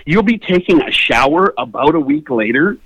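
A man telling a comic story as a guest, animated and building to high excited peaks. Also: moderate pace, husky, no room sound, rough recording. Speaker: comedian guest.

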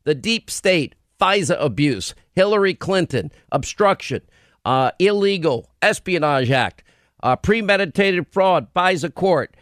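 A combative man hosting a talk radio show, his voice pitched high for a man. He talks with biting sarcasm and rattles off lists of accusations. The sound is dry and close, with no room around it. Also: fairly bright tone, no room sound. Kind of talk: opinionated radio talk monologue.

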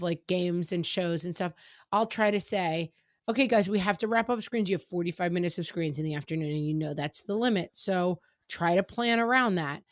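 A middle-aged woman chatting frankly about parenting, quoting her kids in quick asides. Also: medium pitch, dry recording, studio quality. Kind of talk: casual chat about parenting.

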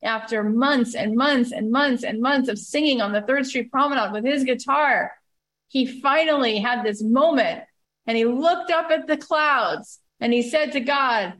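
A woman's voice: high voice, a little slow, a bit bright. A woman podcast host giving a passionate, emphatic motivational talk to her listeners.

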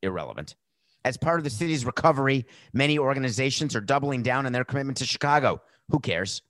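A man's voice: medium pitch, quick pace, fairly bright tone, no echo. A middle-aged man hosting a podcast, giving blunt, sarcastic opinion commentary. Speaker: podcast host.

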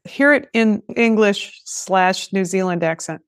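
A woman's voice: mid-range voice, lively intonation, measured pace, clean tone, no echo, studio quality. A woman hosting a podcast, chatting casually with self-deprecating asides. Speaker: podcast host. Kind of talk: casual interview chat.

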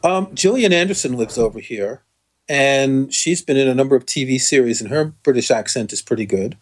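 A man's voice: medium pitch, expressive, brisk. A man from the United States, a podcast guest in casual chat, musing aloud and often trailing off.

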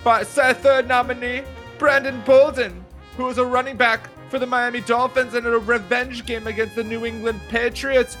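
A man's voice: very high voice, little pitch movement, fairly bright tone, faint music behind, voice pushed up. A man putting on a pompous hoity-toity rich man's voice to announce nominees on a sports podcast. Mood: haughty. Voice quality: haughty, drawn-out delivery.

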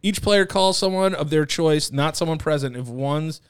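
A man's voice: on the high side, moderate pace, clear, resonant tone. A man casually reading game rules aloud. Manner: loose, profane, joking banter. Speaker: podcast co-host.

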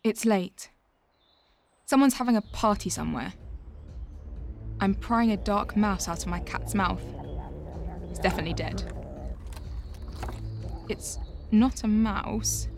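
This is a slow, unhurried narrator in an audio drama, a young woman recalling her family. Her pitch sits mid-range and she talks quietly and reflectively, letting each thought settle before the next. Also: gravelly, music in the background. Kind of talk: scripted first-person audio drama narration.

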